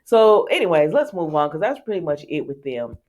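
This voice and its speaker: A woman hosting a soap opera recap in a chatty, casual way, retelling scenes with quick asides to her viewers. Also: low voice, very animated, darkish tone.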